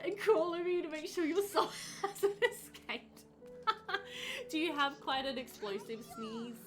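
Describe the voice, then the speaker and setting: A woman with a slightly high voice chats her way through a live game stream, reading viewers' comments aloud and bursting into bright exclamations. Game music plays clearly underneath her talk. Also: animated, a little slow. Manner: chatty, reads chat aloud and reacts with bright exclamations.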